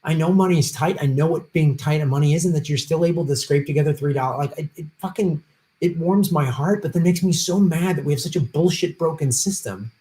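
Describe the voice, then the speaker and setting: Male livestream political host with a higher voice, profane and heated, alternating grumbles and shouts between donation readouts. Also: brisk. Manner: profane, fired-up ranting, swings from muttering to shouting. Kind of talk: livestream rant reading viewer donations.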